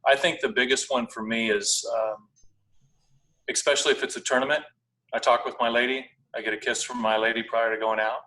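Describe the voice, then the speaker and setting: Guest, male, bright tense tone, halting, distant mic. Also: mid-range voice, steady tone. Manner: thoughtful, halting. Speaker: guest fighter. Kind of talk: casual chat.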